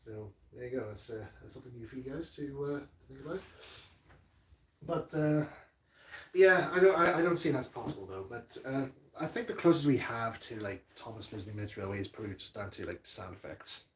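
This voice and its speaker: A man's voice: medium pitch, animated, brisk, distant mic, slight background noise. A man telling a rambling, emotional story to camera as a model railway hobbyist, stumbling over restarts and repeated words. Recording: echoey room, voice off-mic.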